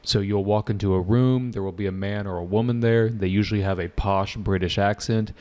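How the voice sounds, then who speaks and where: Emphatic lower-voiced male teacher. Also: fairly quick. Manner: energetic, repeats points for emphasis, asks students questions. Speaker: English test-prep teacher. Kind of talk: live online lesson.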